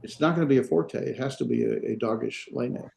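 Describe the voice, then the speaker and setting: A man teaching a classroom lesson, halting with fillers and restarts, with dry asides. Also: medium pitch, creaky, a little mellow. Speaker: Hebrew teacher. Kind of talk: classroom lecture. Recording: echoey classroom.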